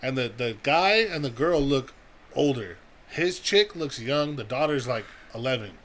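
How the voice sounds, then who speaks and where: A young man with a California accent telling a wild story on a podcast, profane and animated, acting out the quotes. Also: medium pitch, measured pace, a little hiss or hum. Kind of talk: casual storytelling.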